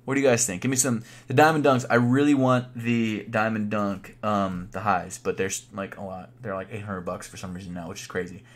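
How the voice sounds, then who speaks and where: A man's voice: on the low side, flat delivery, a little fast, hardly any pauses. Laid-back young man rambling on stream. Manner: laid-back, rambling, thinking aloud with fillers. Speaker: sneaker YouTuber live streaming. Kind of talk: casual live-stream chat.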